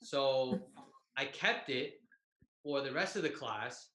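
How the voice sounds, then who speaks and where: A man's voice: mid-range voice, expressive, takes it slowly, sharp tone, echoey room, rough recording. A young man and comedian telling a tag-team story in a loose, profane, self-mocking way over a video call. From Bay Area, California.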